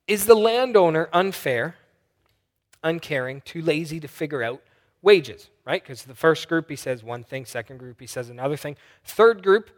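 A man preaching a sermon, telling a story with lively acted-out voices. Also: a little high, long reverb tail. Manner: animated storytelling, acting out voices. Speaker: pastor.

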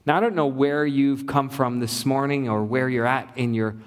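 A man's voice: mid-range voice, moderate pace, clear, resonant tone. Earnest male pastor in a reverberant hall. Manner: earnest, building rhetorical repetition. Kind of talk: sermon.

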